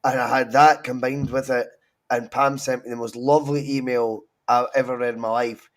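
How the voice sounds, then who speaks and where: A young Scottish man hosts a football podcast through a cold, his voice sitting at an ordinary middle pitch. He talks in lively, sweary banter with plenty of swings and asides. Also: normal speed. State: has a cold. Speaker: podcast host. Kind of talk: casual football chat.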